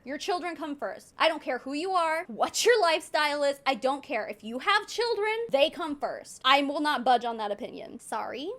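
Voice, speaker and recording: Young woman, high voice, lively swings, heated reaction rant, swears a lot. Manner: swears freely, heated and emphatic. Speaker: commentary YouTuber and mother. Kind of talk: reaction commentary with rants. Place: her bedroom.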